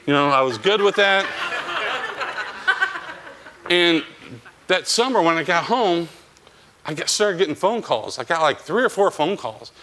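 A man telling a story from his life in a conversational interview, acting out the dialogue of the people in it. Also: on the high side. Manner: animated, acts out quoted dialogue.

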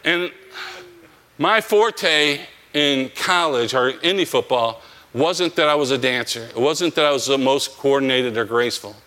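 A man's voice: medium pitch, moderate pace. A man telling a story from his life in a conversational interview, acting out the dialogue of the people in it. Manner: animated, acts out quoted dialogue.

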